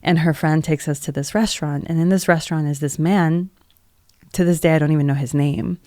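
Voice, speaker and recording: A woman's voice: sits low, fairly even intonation, brisk, a little mellow, no echo, clean studio sound. A woman guest on a podcast, an energy healer, telling a personal story in a casual, earnest way and leaning heavily on "like" as a filler. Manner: heavy use of "like" as filler; earnest, emotional retelling.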